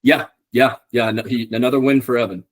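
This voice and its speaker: A man's voice: medium pitch, fairly even intonation, a little fast, slightly rough. A young man co-hosting a podcast in casual chat, rambling with lots of ums and swearing freely. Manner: rambling, profane, many ums. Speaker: podcast co-host.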